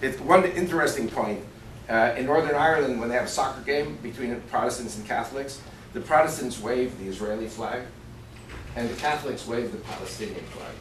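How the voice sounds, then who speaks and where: A man's voice: medium pitch, brisk, fairly bright tone, slight background noise. A man speaking as a guest lecturer to a club audience, emphatic and conversational, often putting questions to the listeners. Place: banquet room of a shooting sports store. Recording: echoey room, far-off mic, faint ambience.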